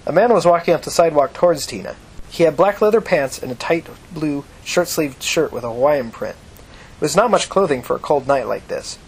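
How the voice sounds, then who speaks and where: A man narrating an audiobook in a steady, measured reading. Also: on the high side, breathy edge.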